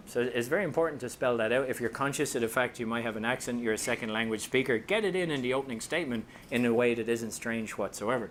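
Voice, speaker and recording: A man's voice: medium pitch, fast, a little hiss or hum. Joking Irish man giving a talk. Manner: animated and joking, slips into voices for quotes. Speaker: speaker and author. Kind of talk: comedic presentation to an audience. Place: company talk room with a live audience.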